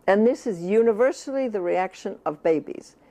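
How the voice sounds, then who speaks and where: Older woman, from the US, warm mellow tone, earnest emphatic talk. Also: mid-range voice, animated, moderate pace. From United States. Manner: earnest, emphatic, often speaks as if she were the baby. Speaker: author and speaker. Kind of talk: reflective talk on child rearing.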